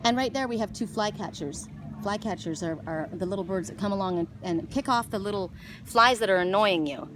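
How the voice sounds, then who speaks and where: A woman's voice: medium pitch, brisk, music in the background. A woman giving a casual oracle card reading outdoors by the water, talking in a rambling way with many restarts. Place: outdoors by water in a wooded glen.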